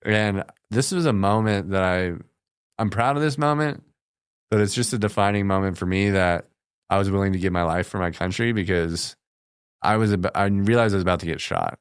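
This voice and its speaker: Deep, clear-voiced American man, plainspoken guest recounting combat, dry studio sound. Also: brisk, dry recording. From United States. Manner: plainspoken, matter-of-fact, with brief laughs. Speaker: podcast guest, combat veteran. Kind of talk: casual storytelling in conversation. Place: podcast studio.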